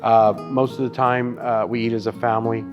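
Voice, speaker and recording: Speaking at normal speed in a mid-range voice, a man in his thirties who owns and cooks at a barbecue restaurant recounts his story in a relaxed interview. He's animated, swears liberally, and addresses the listener as "dude" and "brother." The audio has cut-off highs and sits over music.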